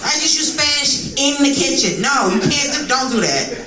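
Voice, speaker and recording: A woman's voice: high-pitched, animated, moderate pace. Brash, profane woman doing stand-up. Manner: brash, profane, loud acted outbursts. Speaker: stand-up comedian. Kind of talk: stand-up comedy set. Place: live comedy club stage. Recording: roomy live club sound, mic heard from a distance, background noise. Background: audience laughter.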